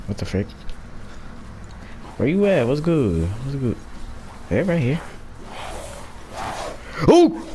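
A man giving casual, slangy commentary over a horror game, taunting enemies and shouting loud excited reactions. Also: on the low side, a little hiss or hum. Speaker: gaming channel host.

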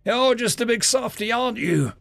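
Man playing a cocky young guy in a sci-fi story reading, pitched up, teasing, lively. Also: a little slow, vocal fry, no room sound, heavily acted. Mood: cooing. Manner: teasing, cooing, lifted pitch. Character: cocky young human man, mocking, dog-loving.

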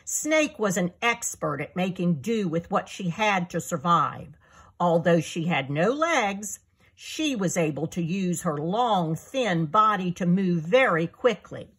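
A woman author reading her children's picture book aloud in an expressive storytelling manner. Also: lowish voice, breathy edge.

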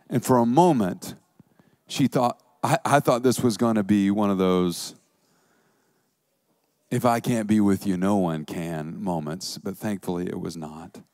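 A man preaching a sermon as a pastor, telling a story vividly with dramatic swings between hush and intensity. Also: on the low side, dry recording, studio quality.

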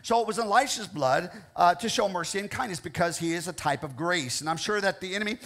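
A pastor with a Midwestern American accent from Ohio preaches in a church sanctuary, earnest and repetitive, frequently checking in with the congregation. His voice is high-pitched, a bit bright, and fast.

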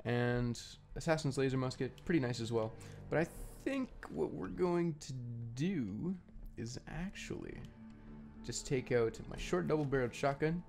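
A man's voice: mid-range voice, gravelly, darkish tone. Chatty young man rambling over gameplay. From Canada. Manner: rambling, chatty, with many fillers and restarts. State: eating candy while talking. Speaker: gaming YouTuber. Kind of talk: casual gameplay commentary.

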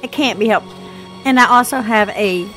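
A woman in her thirties with a Southern US accent, chatting casually through gameplay, her voice rough from congested sinuses. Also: on the high side, moderate pace, fairly bright tone, soft background music. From Southern United States. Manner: chatty, rambling, self-deprecating with fillers. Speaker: gaming channel host.

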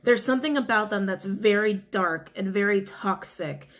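A woman's voice: medium pitch, moderate pace, fairly bright tone. A woman giving a casual, chatty tarot reading to viewers, often repeating her questions to the cards. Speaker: tarot reader.

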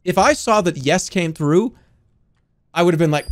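A man's voice: high-pitched, expressive, moderate pace. Joking, sarcastic male streamer. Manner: sarcastic, joking, talks straight to the chat. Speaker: livestreamer. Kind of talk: casual livestream chat.

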